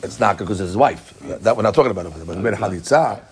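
A man's voice: on the low side, expressive, racing, husky. A man teaching a Talmud study class, explaining step by step, repeating key phrases and answering students' questions.

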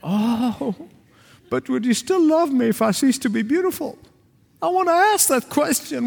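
A man's voice: very high-pitched, expressive, moderate pace, gravelly, long reverb tail. A male pastor from the Arab world preaching a sermon with an emphatic, repetitive cadence.

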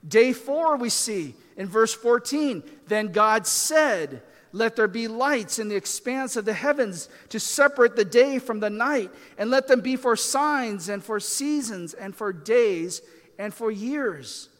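A man's voice: extremely high pitch, lively intonation, measured pace. Pastor guy giving a sermon, kinda casual with lots of "you know" and "right?", echoey church hall. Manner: conversational, self-deprecating asides with many fillers.

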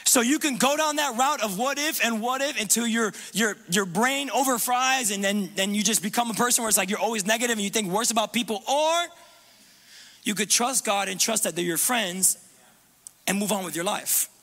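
At a normal speed, a pastor delivers an impassioned, repetitive sermon. He swings between loud urging and hushed, low passages.

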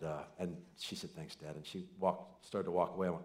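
A man in his forties preaching a sermon, telling family stories with quoted voices and swinging from loud excited bursts to soft, near-whispered lines. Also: low voice, fast, hardly any pauses. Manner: animated storytelling with quoted voices and asides. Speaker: pastor.

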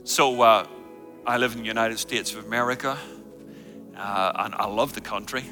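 A man preaching a sermon to a congregation as a guest pastor, humorous and energetic. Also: lowish voice, moderate pace, soft background music. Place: church service before a congregation.

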